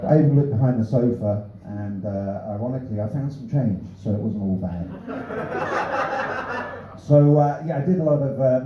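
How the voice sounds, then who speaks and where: A man's voice: fairly low pitch, noisy background. A man doing a stand-up set of new material, delivering dry punning one-liners with offhand asides from a small club stage. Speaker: stand-up comedian. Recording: echoey room, distant, slightly dull.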